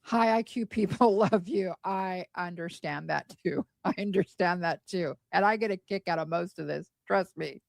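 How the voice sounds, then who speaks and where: A woman's voice: fairly low pitch, moderate pace, vocal fry, hardly any pauses, no echo. A woman in her sixties, a live streamer chatting casually and thanking viewers one by one as she reads out the chat. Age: 60s.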